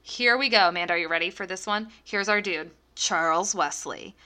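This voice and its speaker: A woman's voice: fairly low pitch, normal speed, pushed and bright. A young woman co-hosting a podcast, chatting casually with lots of fillers and laughs. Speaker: podcast co-host. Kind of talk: casual chat.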